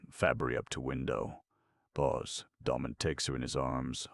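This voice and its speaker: A man narrating an audiobook play, reading stage directions in a flat, matter-of-fact way. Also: extremely low pitch, measured pace, vocal fry, no room sound, studio quality.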